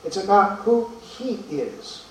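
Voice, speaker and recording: A male pastor delivers his sermon with earnest rhetorical questions and halting repetitions. His voice sits on the higher side. It reaches us from a distance through heavy room echo over a faint hiss. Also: expressive. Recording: echoey room from far off.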